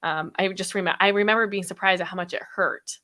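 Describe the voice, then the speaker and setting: Thirtysomething woman chatting on a live stream, quick and giggly, voice bright but a bit sore from being sick. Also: medium pitch, fairly even intonation. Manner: fast, chatty, laughs often. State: slightly sore throat after illness. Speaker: podcast host. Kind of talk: casual live stream chat.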